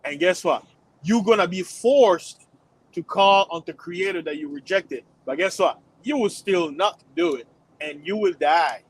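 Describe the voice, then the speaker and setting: A man's voice: high-pitched, unhurried, slightly rough, rough recording. A man delivering a preachy religious warning monologue to his channel, repeating himself and rising to emphatic peaks. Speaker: channel host.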